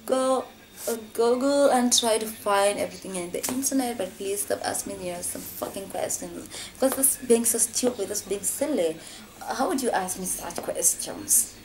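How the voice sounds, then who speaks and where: A woman from Africa telling a personal story in a vlog, saying "you know" constantly and jumping high in pitch when she quotes others. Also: moderate pace. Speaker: vlogger.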